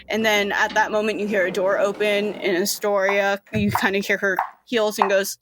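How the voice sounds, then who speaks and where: A woman's voice: medium pitch, fairly even intonation, normal speed, few pauses, background noise. A woman running a tabletop game as game master, narrating casually with lots of "like" and "um". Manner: casual, rambling narration with fillers.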